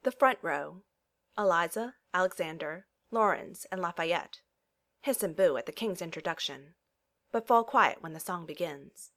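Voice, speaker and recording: A woman with a lower voice reads a story aloud, her pitch rising and falling with plenty of life. She tells it expressively, shifting into small character voices for the quoted lines. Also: expressive, moderate pace, fairly bright tone. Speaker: narrator. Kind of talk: reading fan fiction aloud.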